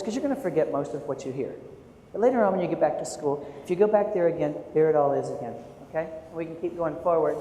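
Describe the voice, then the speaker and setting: Storytelling man in an echoey hall. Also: on the high side. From United States. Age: 40s. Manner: animated storytelling with self-mocking humor. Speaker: keynote speaker and art educator. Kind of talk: keynote talk to teachers. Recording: echoey hall, faint room noise.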